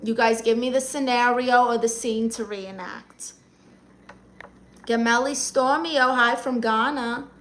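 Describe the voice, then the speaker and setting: A woman's voice: on the high side, fairly even intonation, a little slow, fairly bright tone. A woman with a Brooklyn accent, chatting casually on a live stream and reading out viewer comments in a sassy, brash way. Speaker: livestreamer.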